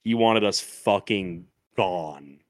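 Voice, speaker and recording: A man's voice: low-pitched, slow pace, dry recording. A man co-hosting a podcast, telling a loose, profane story in casual chat and laughing as he goes. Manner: loose, profane, laughs through his stories. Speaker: podcast co-host. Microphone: podcast microphone.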